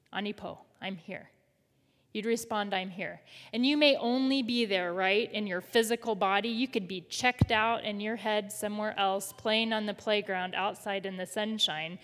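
A woman's voice: medium pitch, fairly bright tone. A woman pastor preaching a sermon in a conversational way, leading the congregation in call and response. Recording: reverberant hall.

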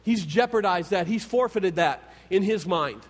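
A man preaching a sermon, retelling scripture stories in an animated storytelling manner. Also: sits high, moderate pace. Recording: long hall reverb.

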